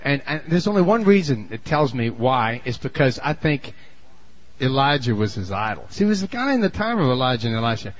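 A man's voice: big pitch swings, fairly quick. Folksy preacher man, lo-fi sound. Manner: folksy storytelling, swinging from low asides to shouted emphasis. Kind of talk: sermon.

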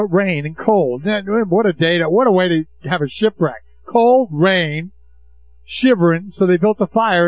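Male preacher, high voice, emphatic sermon delivery with call-outs to the room; dull lo-fi sound. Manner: emphatic, asks the congregation rhetorical questions. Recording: dull lo-fi recording.

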